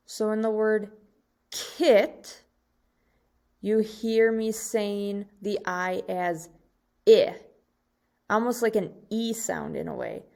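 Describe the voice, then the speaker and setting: A woman teacher giving a recorded slide lesson to second graders, speaking slowly and deliberately and drawing out each example word. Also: medium pitch, steady tone, creaky, darkish tone.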